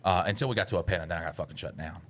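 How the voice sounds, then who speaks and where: Guy on a podcast, low-ish voice, cusses constantly, gets loud doing his own lines. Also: very fast. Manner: animated, swings into loud voices when quoting himself; swears a lot. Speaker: podcast co-host. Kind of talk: casual storytelling chat.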